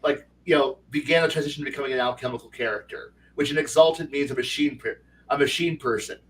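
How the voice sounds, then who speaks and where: A man's voice: mid-range voice, quick pace, a bit bright, far from the mic, a little hiss or hum. A man, a game master and co-host, telling a tabletop game story in casual, rambling chat with lots of fillers and restarts. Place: home livestream setup.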